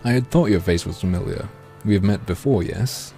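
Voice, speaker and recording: A man voicing a flamboyant, creepy male pheasant artist, speaking slowly and hushed with theatrical politeness. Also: fairly low pitch, faint music behind, lightly acted. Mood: silky menacing. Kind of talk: game dialogue read-aloud.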